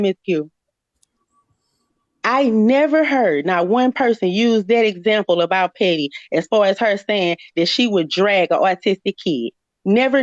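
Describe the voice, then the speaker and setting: A woman's voice: fairly high pitch, no echo. Blunt, profane woman on a muffled stream. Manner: blunt, profane, insistent, repeats "you know what I'm saying". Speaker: live stream panelist. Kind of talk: heated casual argument. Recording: dull muffled stream audio, dry.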